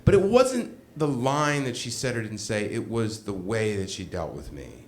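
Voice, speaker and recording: This is live comedic storytelling from a middle-aged man whose voice sits fairly low and moves at normal speed. He acts out the other people's dialogue with animation while making himself the butt of the joke.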